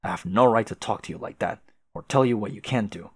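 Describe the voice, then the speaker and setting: A man voicing a haughty, prim young male troll aristocrat who speaks formally and quietly with contempt. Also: fairly low pitch, fast, slightly rough, no echo.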